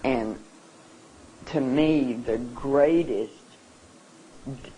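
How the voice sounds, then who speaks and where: Slow, halting, emotional seminar speaker. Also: medium pitch, warm tone, slight background noise, low-quality recording. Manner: halting and earnest, often restarting; openly emotional. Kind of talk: emotional public talk. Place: seminar room.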